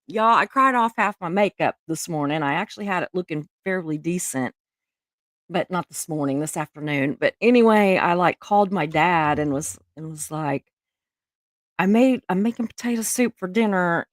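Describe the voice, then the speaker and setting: A woman's voice: on the low side, no room sound, clean studio sound. A middle-aged woman, hosting a casual livestream and reading viewer comments in a chatty, emotional way with frequent laughs. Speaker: live stream host reading viewer comments. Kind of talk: casual chat.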